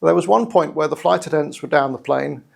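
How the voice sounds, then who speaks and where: Gravelly British man recounting an ordeal. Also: a little high, a little mellow. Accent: British English. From England. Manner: measured, reflective, with hesitant restarts. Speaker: guest storyteller. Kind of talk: personal story told to camera.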